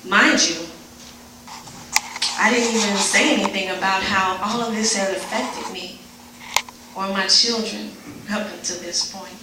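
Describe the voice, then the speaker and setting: A woman giving an emotional, dramatic spoken word performance at a live event, moving between hushed and pleading delivery. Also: medium pitch, fairly even intonation, unhurried, long pauses. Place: live event before an audience. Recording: very echoey room, mic far off, faint noise.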